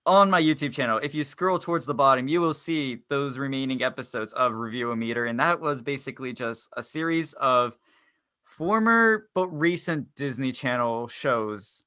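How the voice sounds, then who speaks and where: A man's voice: mid-range voice, expressive, moderate pace, bright, forceful tone, no echo, studio quality. A man in his twenties hosting a casual podcast, joking at his own expense and rambling through explanations. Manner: jokey, self-deprecating, rambling. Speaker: podcast host.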